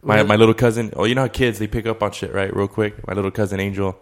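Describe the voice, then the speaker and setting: A young man with a low, gravelly voice chatting casually among friends. His talk is loose and profane, full of "like" and easy tangents. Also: flat delivery, quick pace. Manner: loose, profane, filler-heavy talk with lots of "like". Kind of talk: casual chat.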